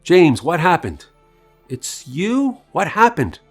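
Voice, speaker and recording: A man voicing a confused, panicked father in his seventies who shouts with a cracking voice. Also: fairly low pitch, measured pace, faint music behind, natural voice. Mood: distraught.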